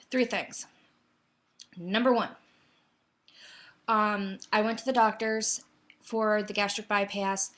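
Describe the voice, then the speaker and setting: A woman's voice: mid-range voice, a bit bright. A young adult woman giving a candid, rambling personal update in a casual webcam vlog at home. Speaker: vlogger. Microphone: webcam mic.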